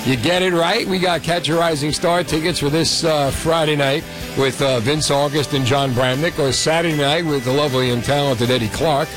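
A man's voice: a little high, steady tone, moderate pace, few pauses, music in the background. A man hosting a radio call-in trivia game, joking and bantering with callers. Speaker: radio show host.

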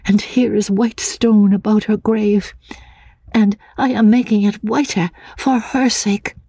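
A woman voicing a timid, fragile young woman haunted by grief, speaking in a breathless, hushed voice that slips into whispers. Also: mid-range voice, steady tone, measured pace, dry recording. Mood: wistful. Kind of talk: audiobook drama acting.

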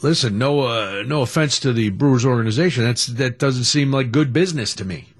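A middle-aged man, hosting a casual radio talk show in an animated, jokey, opinionated way. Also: medium pitch, a little fast, slightly rough.

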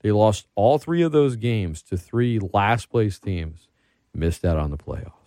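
A man's voice: on the low side, measured pace, no room sound, clean studio sound. A man hosting a casual sports talk show, rambling and getting worked up as he talks. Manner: animated, rambling, gets worked up. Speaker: podcast host.

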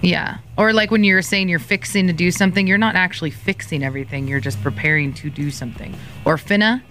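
A woman's voice: fairly low pitch, fast, fairly bright tone. A woman co-hosting a morning radio show, chatting casually, laughing often and acting out quotes from her family. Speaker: radio co-host.

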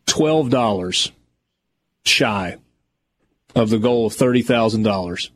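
A man's voice: fairly low pitch, slow. A male radio host speaking earnestly and sincerely in casual on-air talk.

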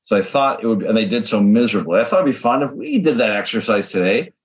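A man's voice: fairly low pitch, expressive, quick pace, low-quality recording. Rambling male podcast co-host. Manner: loose, rambling, with fillers. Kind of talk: casual chat.

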